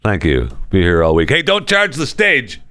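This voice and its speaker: A man's voice: fairly low pitch, huge pitch swings, moderate pace, noisy background. A man hosting a podcast, telling jokes in a casual comedic monologue and chuckling at his own lines. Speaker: podcast host.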